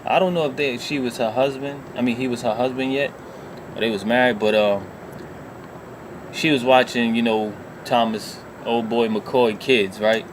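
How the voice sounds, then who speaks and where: A man's voice: medium pitch, fairly even intonation, normal speed, background noise. A man telling a rambling, profane personal story in a casual vlog, leaning on filler phrases. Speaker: vlogger.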